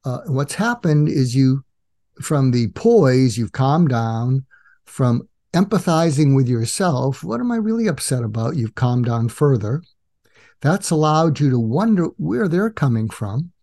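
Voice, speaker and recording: A man's voice: medium pitch, takes it slowly. An older man, a guest psychiatrist, explaining in an interview and acting out quoted dialogue. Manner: animated, acts out quoted dialogue.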